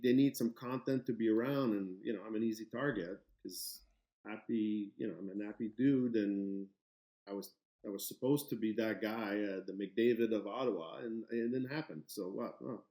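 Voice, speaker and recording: A man in his forties, a former hockey player, answering interview questions in a relaxed, shrugging way. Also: medium pitch. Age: 40s. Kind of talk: casual interview. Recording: roomy echo.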